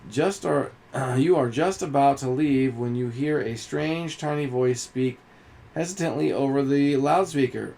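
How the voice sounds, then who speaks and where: A man reads a puzzle game's story aloud to his viewers at a measured pace, now and then tripping over a word and correcting himself. His voice has a gravelly edge at a middle pitch. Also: dark tone. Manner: slow, deliberate reading with small slips. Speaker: game streamer. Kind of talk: reading game story aloud.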